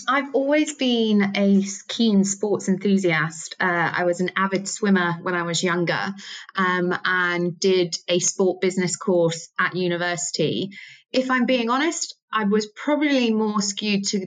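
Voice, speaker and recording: A woman's voice: mid-range voice, a bit bright, poor audio. A woman in her thirties from England, a sports marketing director answering interview questions in a chatty way, with frequent ums and self-corrections. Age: 30s.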